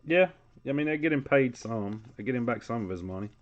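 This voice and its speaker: A man's voice: medium pitch, animated, brisk, muffled recording. A man hosting a live sports card break, calling out player names in a casual, chatty way.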